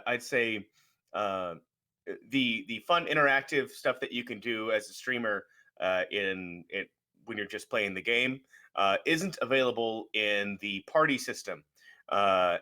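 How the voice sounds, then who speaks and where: A man's voice: lowish voice, pushed and bright. A man answering as a guest in a casual interview, easygoing and rambling with many fillers.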